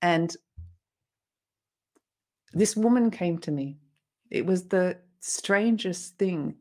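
A woman with a lowish, darkish voice speaks slowly as an interview guest and motivational speaker. She earnestly retells a personal experience, her emotion showing, with a few small restarts along the way.

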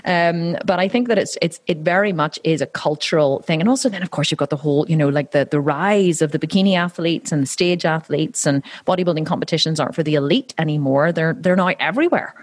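A woman's voice: low voice, fast, hardly any pauses, no room sound. A woman in her forties, a professional athlete, chatting casually as an interview guest with frequent fillers and laughs. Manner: chatty, laughing, many restarts and "you know" fillers.

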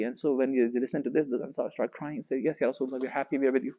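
A man giving a storytelling religious lecture, animated and raising his voice sharply when he quotes the people in his story. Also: medium pitch, racing, few pauses, long reverb tail, highs cut off. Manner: animated, raises voice sharply when quoting figures.

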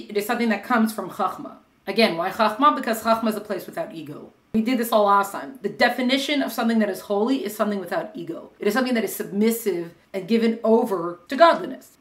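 A woman teaching a class on Jewish mysticism, talking conversationally and acting out questions in lively voices. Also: mid-range voice, fast talker, few pauses, echoey room. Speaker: Torah teacher.

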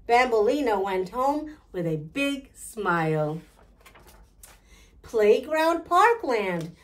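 A woman reading a children's picture book aloud in a slow, clear, deliberate way. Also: a little high. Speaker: storytime reader.

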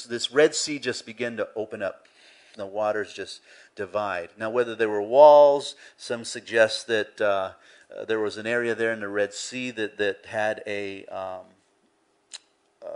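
Male pastor, mid-range voice, conversational sermon delivery with big dynamic swings. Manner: rises loud and high when retelling scenes, drops soft for reflection; conversational, with fillers like "you know" and "right".

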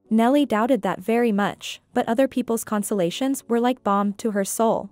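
A woman with a fairly high voice reads a scripted drama story in a steady, even manner. Soft music plays faintly beneath her narration. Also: moderate pace, few pauses, dry recording.

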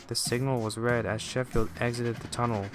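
A man giving scripted storybook narration in a slow, measured way. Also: mid-range voice, flat delivery. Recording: music playing underneath.

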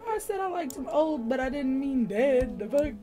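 A young woman streaming a life-sim game, joking loudly and swearing as she narrates her character's schemes. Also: high-pitched, animated, normal speed. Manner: loud, profane, jokey, voicing her character's lines. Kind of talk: casual gameplay commentary. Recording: game music playing loudly behind.

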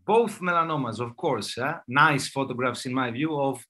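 Bright, playful man hosting a quiz. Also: mid-range voice, normal speed. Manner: playful, laughs between answers. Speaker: quiz host and dermatologist. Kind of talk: hosting a live online quiz.

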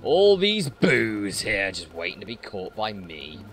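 A man doing let's play commentary, excitable and jokey, talking back at the game. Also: lowish voice, measured pace, background noise.

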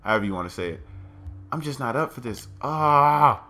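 A man's voice: on the low side, animated, fast, a bit bright. A man giving let's play commentary, thinking aloud to his viewers as "guys" and crying out in alarm at what he finds. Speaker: gaming channel host.

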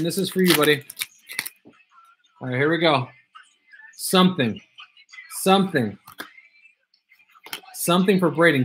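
Casual male streamer, slightly high voice, loose and repetitive, reads chat aloud. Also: a bit bright. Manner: chatty, reads viewer comments aloud, repeats himself. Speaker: livestream host opening card packs.

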